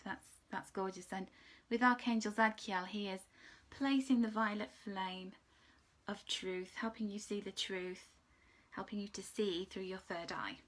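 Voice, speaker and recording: A woman giving a chatty, rambling angel card reading, sometimes dropping into soft whispered asides. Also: mid-range voice. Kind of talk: casual spiritual card reading.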